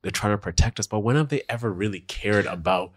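A man co-hosting a podcast, chatting casually and acting out what other people say in exaggerated voices. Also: fast talker. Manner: animated, acts out quotes in high voices. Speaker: podcast co-host. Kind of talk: casual chat.

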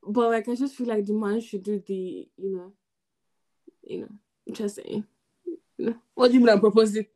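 A young Nigerian woman co-hosting a casual podcast chat, telling stories in a relaxed way with pidgin words mixed in. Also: mid-range voice, moderate pace. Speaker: podcast co-host.

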